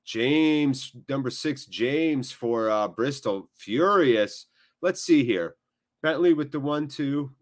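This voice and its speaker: An American man hosting a live football watchalong. He jokes and chats with viewers between quick play-by-play. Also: mid-range voice. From United States. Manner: jokey, animated, quick play-by-play. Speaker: watchalong host.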